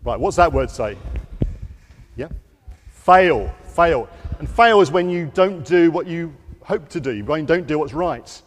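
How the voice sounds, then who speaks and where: A man giving an all-age church talk, telling the story in a lively way to children and acting out the quotes. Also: a little high, measured pace, in a large hall. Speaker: preacher. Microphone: wearing a microphone.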